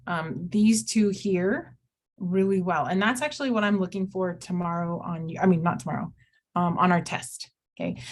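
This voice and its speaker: A woman teaching an online math class, chatty, often acting out her students' questions in a livelier voice. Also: mid-range voice.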